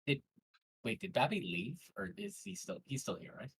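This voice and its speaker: Gravelly, animated man at the game table. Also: fairly high pitch, moderate pace, rough recording. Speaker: player. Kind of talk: casual chat.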